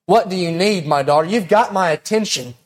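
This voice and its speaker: A man's voice: high voice, brisk, natural voice. A man voicing a fatherly God who speaks to his child in a tender, reassuring way.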